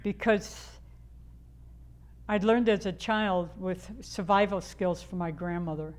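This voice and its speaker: A woman's voice: lowish voice, takes it slowly, a little mellow. An older woman from the Chicago area telling her own life story in a candid, rambling way, full of fillers and restarts. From Chicago area, USA. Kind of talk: personal storytelling.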